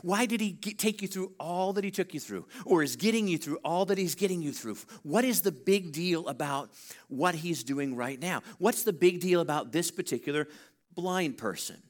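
A male pastor preaching a sermon, animated, with drawn-out emphasis and calls for the congregation to read along. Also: on the high side.

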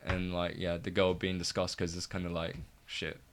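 A man with a fairly low voice reads his script aloud, tripping over words and restarting often. His manner is nervous and halting, and it turns into loose, casual chat with a friend. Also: monotone, slight background noise.

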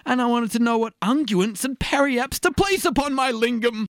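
A man's voice: extremely high pitch, normal speed, a bit bright, dry recording, clean studio sound. A man playing the dungeon master in a scripted comedy sketch, rambling in a pompous, mock-scholarly way. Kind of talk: scripted comedy role-play.

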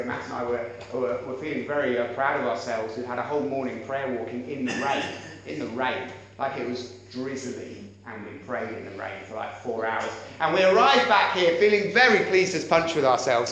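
A male pastor preaches in a slightly high voice, asking the congregation rhetorical questions. He swings between loud and hushed delivery. The sound rings around a very echoey church hall with faint background noise. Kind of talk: sermon.

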